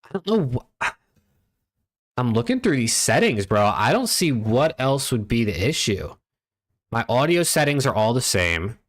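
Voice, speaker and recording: A man's voice: mid-range voice, sing-song, measured pace. Young guy streaming from home, chill and cussing, talking to chat on his desk mic. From United States. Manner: laid-back, profane, talks to chat and reads out usernames. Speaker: streamer hosting a watch party. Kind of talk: casual live-stream chat.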